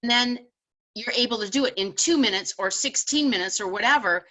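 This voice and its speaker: A woman author and educator, a guest telling an animated, emphatic story in casual conversation. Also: on the high side, a little fast, low-quality recording.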